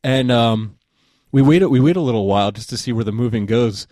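Man, podcast guest, rambling casual storytelling, swears a lot, mid pitch, dry close sound. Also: a little fast, dark tone, no echo. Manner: rambling, swears freely, laughs through his story.

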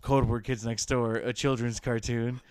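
A man's voice: medium pitch, flat delivery, normal speed, noisy background. A young man co-hosting a podcast in casual improvised chat, wry and teasing as he steers the bit. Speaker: podcast co-host.

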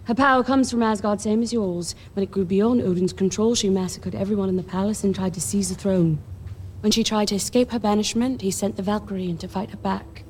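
A woman's voice: medium pitch, steady tone, a little fast, a little mellow, a little hiss or hum, lightly acted, low-quality recording. An actress playing a cynical, aloof female warrior with a dry, dismissive manner. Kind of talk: film dialogue.

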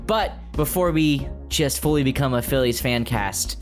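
A man hosting a casual book podcast, upbeat and joking with his co-hosts. His voice sits at a middling pitch. Music plays clearly under the talk. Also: normal speed. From Delaware, USA. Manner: joking, upbeat, reads chapter recaps. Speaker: podcast host.

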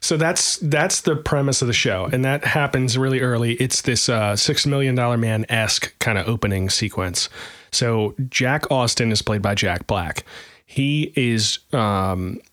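A man co-hosting a podcast in a loose, rambling way, stumbling through fillers and poking fun at himself. His voice sits at an ordinary pitch in a dry, close recording. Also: measured pace, fairly bright tone, no room sound. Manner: rambling, self-deprecating, full of fillers. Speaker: podcast co-host. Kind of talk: casual chat.

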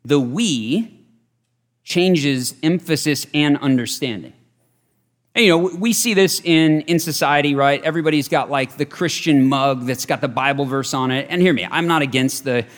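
A man preaching a sermon, earnest and emphatic, often repeating his key phrases. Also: fairly high pitch. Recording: long reverb of a large hall.

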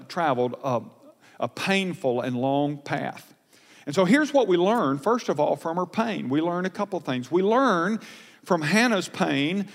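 A man pastor preaching a sermon, earnest and emphatic, recorded in a large church sanctuary. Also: on the high side. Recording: long church hall reverb.

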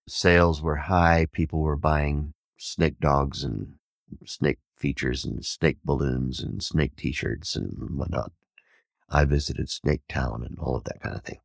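A man telling a parable and teaching on Vedic wisdom, an animated storyteller who acts out the villagers' shouts. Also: extremely low pitch, vocal fry, no echo, studio quality. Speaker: podcast host and teacher.

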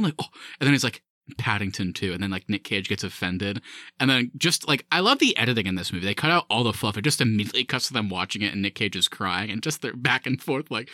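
A man hosting a casual movie review podcast, animated and laughing often. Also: on the low side, fast, dry recording. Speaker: podcast host.

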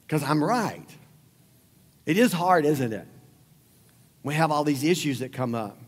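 A man preaching a sermon, talking conversationally with rhetorical questions and repeated lines for emphasis. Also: mid-range voice. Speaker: pastor. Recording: long hall reverb.

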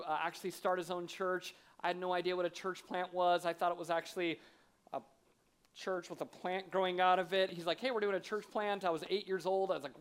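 A man preaching a sermon to a congregation, telling self-deprecating stories in a conversational, animated way. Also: high voice, smooth. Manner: humorous, self-deprecating storytelling. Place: church auditorium with audience.

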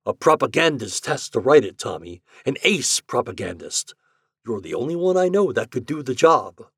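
A man's voice: medium pitch, sing-song, normal speed, a bit bright, slightly rough, dry recording, studio quality, pitched above the performer's own voice, exaggerated voice. A man voicing Hart, a pushy scheming boss. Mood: commanding. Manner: persuasive, pushy. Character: scheming chubby male propaganda chief.

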